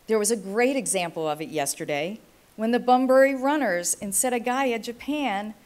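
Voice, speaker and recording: Animated storytelling woman at a conference. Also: fairly high pitch, normal speed. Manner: animated storytelling with acted quotes. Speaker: keynote speaker, former state official. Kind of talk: anecdotal conference speech.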